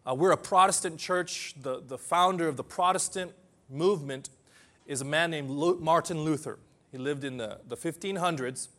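Male pastor, fairly high voice, animated sermon delivery with loud peaks and hushed asides. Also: normal speed. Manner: animated, swings between loud emphasis and soft asides.

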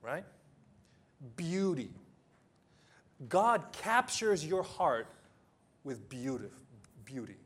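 A man preaching a sermon as pastor, emphatic, with long pauses, building to loud peaks and then dropping low. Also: very animated, slightly rough. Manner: acts out simple illustrations with sound effects.

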